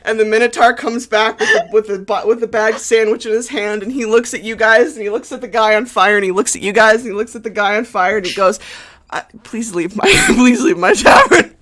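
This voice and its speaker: A woman's voice: a little high, steady tone, fast talker, few pauses, a bit bright. A woman narrating as game master for a tabletop game with friends, laughing often as she tells the story. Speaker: dungeon master.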